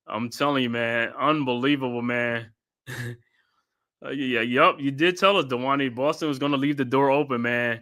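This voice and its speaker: A man from New York hosting a live stream of excited postgame fan commentary, trash-talking and constantly repeating his catchphrases. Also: mid-range voice, moderate pace, pauses often. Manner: laughs often, trash-talking rival fans. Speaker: sports live-stream host.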